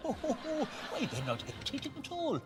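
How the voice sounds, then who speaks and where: A gentle, old-fashioned Welsh puppet storyteller, full of polite little fillers. The voice jumps around a lot in pitch. Clear music plays under the clip. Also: male voice, wildly swooping pitch, brisk, heavily acted. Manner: polite, bumbling, with soft fillers.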